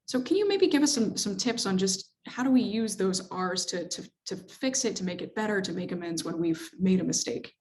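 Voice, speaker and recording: A woman's voice: medium pitch, expressive, brisk, few pauses, a little mellow, slight background noise. A woman hosting a webinar, moderating questions in a friendly, somewhat hesitant way with fillers. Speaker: webinar host.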